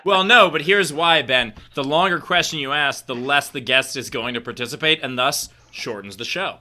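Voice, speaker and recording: A man's voice: mid-range voice, normal speed, sharp tone. A man hosting a live online comedy show, joking around and introducing the next comic with a lot of filler words. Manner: jokey, introduces acts with filler-heavy patter. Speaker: host.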